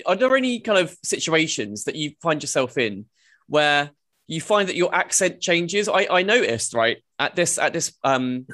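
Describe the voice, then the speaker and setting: A man hosts a comedy podcast, putting questions to his guest in a hesitant way full of "kind of" and restarts. His voice is notably high for a man. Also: very animated, normal speed, sharp tone, faint music behind. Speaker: podcast host. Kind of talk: casual podcast interview.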